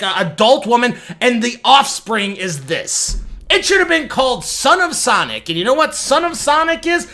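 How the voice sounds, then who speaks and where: A man's voice: extremely high pitch, bright, forceful tone. A man doing casual, sarcastic reaction commentary for his channel, rambling and swearing as he mocks what he watches. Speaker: YouTube commentator.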